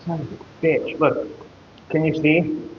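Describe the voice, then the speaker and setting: A man tells a rambling, profanity-laced story on a live stream, his voice sitting a touch high. The sound is dull and lo-fi, carrying a long hall reverb and steady background noise. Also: measured pace. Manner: profane, rambling, laughs while telling stories. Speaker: fitness streamer. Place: gym, echoey room.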